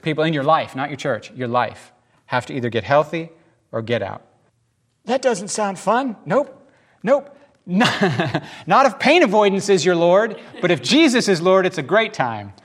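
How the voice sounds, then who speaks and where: This pastor's sermon comes in a slightly high voice at normal speed. He keeps it casual with asides and animates his stories by performing the voices of those he quotes.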